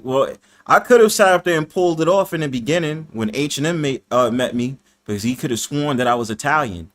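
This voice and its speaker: A rowdy man, his voice sitting a little high for a man. He leads a casual panel chat, laughing a lot, swearing freely and slipping into the voices of the people he quotes. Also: animated, brisk. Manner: boisterous, profane, laughs often, acts out quoted voices. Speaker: host of a live panel stream.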